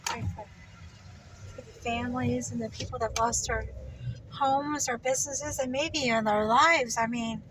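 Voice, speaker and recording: A woman narrating her drive in hushed, shocked exclamations from inside a car. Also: fairly high pitch, a little slow, far from the mic. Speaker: vlogger. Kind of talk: driving commentary. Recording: clear road noise in car. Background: road and vehicle noise.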